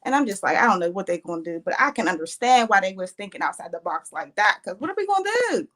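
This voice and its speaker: A woman's voice: fairly low pitch, lively intonation, fast talker, a bit bright. Chatty woman caller. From Pittsburgh, Pennsylvania. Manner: chatty, hesitant, trailing off. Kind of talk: casual phone-in chat.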